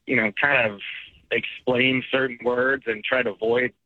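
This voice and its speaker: A man calling in to a radio show, telling his story in a relaxed, chatty way. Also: medium pitch, moderate pace, dry recording. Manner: relaxed, chatty, a little laughing. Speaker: caller. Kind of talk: phone-in call to a radio show. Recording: phone line.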